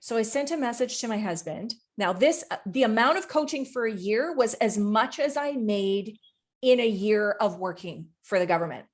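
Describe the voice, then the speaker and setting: A woman's voice: a little high, normal speed. A woman co-hosting a podcast and coaching, chatting casually and candidly, swearing freely as she tells stories with animation.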